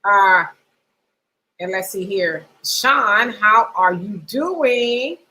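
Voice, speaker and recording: A woman's voice: mid-range voice, expressive, very slow, sharp tone, rough recording. A middle-aged woman, hosting a livestream and reading viewer comments aloud, laughing often between her asides. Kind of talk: casual chat.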